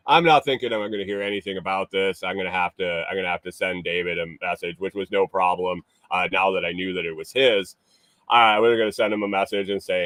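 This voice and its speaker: Speaking at a normal pace, a show host with a low voice rambles through a casual story, looping back with fillers and false starts. His voice is smooth and a bit bright, captured in a close, dry recording.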